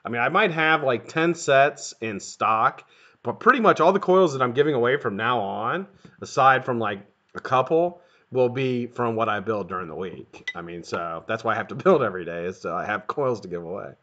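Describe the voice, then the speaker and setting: Middle-aged male stream host, bright lively delivery, dull lo-fi audio. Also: mid-range voice, normal speed. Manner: lively, profane, greets viewers one after another. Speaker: livestream host. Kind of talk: casual live-stream chat.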